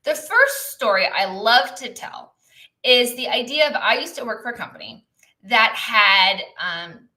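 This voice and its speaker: Coaching her live-stream audience, this businesswoman speaks a little slowly in a bright, forceful voice pitched a little high, with lively intonation. She keeps things loose and chatty, tacking "right?" or "okay?" onto lines and responding to chat questions as they arrive.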